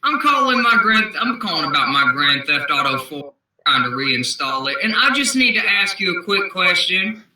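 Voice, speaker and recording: A man in his twenties telling rowdy, profane stories in a casual, animated way, heard through a laptop mic. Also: sits high, moderate pace, distant mic. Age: 20s. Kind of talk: casual storytelling. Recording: echoey room, off-mic laptop.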